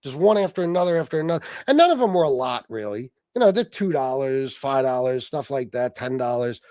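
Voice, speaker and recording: Hosting a laid-back livestream, a man of Sicilian descent laughs and curses his way through a story while reading out and responding to chat messages. His voice is mid-range and darkish, very animated and fairly quick, in clean, echo-free studio sound.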